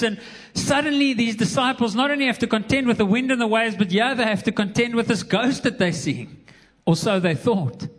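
A man's voice: sits high, fairly bright tone. A man preaching a sermon as pastor, earnest and repeating words as he builds his points. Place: church hall. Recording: long hall reverb.

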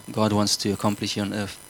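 A man's voice: fairly low pitch, monotone, normal speed, fairly bright tone, slight background noise, poor audio. A man preaching a sermon, earnest, often repeating words and asking the congregation whether they follow. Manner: earnest, repeats himself, asks the congregation questions.

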